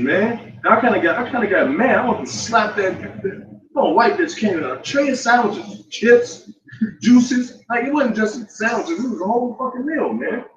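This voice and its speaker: A man's voice: high voice, a bit bright. A man preaching in a loose, slangy and profane way, telling a personal story and laughing between points. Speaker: street preacher. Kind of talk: casual street sermon. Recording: dull, roomy, from far off.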